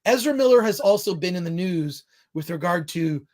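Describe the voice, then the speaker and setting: A man's voice: high-pitched, expressive, normal speed, a little mellow. A man hosting a film review show in casual chat, rambling off on tangents and restarting his sentences often.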